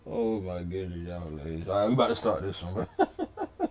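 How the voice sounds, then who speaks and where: A man's voice: low-pitched, lively intonation, moderate pace, darkish tone. Laid-back young male reaction host. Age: young adult. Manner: laid-back, talks to viewers, laughs often. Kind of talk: casual chat.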